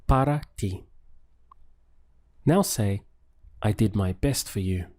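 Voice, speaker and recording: A man teaching a language lesson, patiently repeating phrases and pausing for the listener to answer. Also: fairly low pitch, lively intonation, dark tone. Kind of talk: paced language lesson with pauses for practice.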